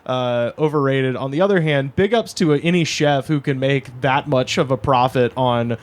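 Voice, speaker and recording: A man's voice: medium pitch, normal speed. A man co-hosting a casual comedic podcast chat, offering wry, hedging commentary. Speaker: comedian co-host.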